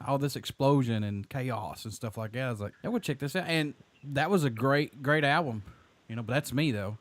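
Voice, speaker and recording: A man hosting a casual radio interview, blunt and quick to swear, laughing along with his guest. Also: medium pitch. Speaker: radio show host.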